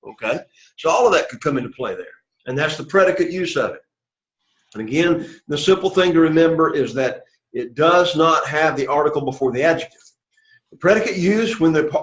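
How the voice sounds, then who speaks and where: A man teaching a Greek class, explaining at length and often checking in with "okay" and "all right.". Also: fairly high pitch. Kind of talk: classroom lecture. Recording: echoey classroom, dull lo-fi sound.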